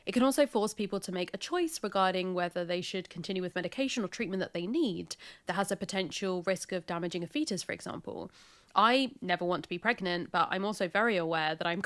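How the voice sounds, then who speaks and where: A woman's voice: mid-range voice, a bit bright. British woman narrating a video essay. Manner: brisk, informative with wry asides.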